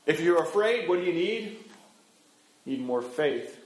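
A middle-aged male pastor delivers an animated sermon in a fairly high voice, throwing his pitch up and down to act out the people he quotes. The sound rings around an echoey room. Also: unhurried.

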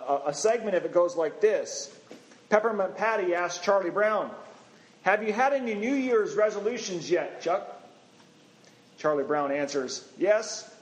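Man, preacher, high voice, halting with fillers, echoey room. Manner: conversational, halting with fillers, rising for emphasis. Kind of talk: sermon.

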